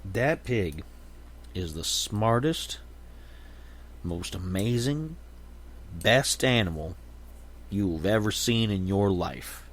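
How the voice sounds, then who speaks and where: A proud old farmer spins out his boasts in a slow, folksy drawl, as a man puts him on. His voice sits fairly low. He is storytelling, and he never hurries. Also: lively intonation, full character voice.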